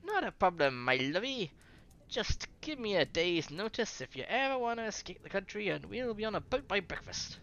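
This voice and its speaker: Flirty London woman with a teasing manner and lively voice, put on by a reader. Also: medium pitch, moderate pace, muffled recording, a little hiss or hum, voice pushed up. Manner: teasing, affectionate.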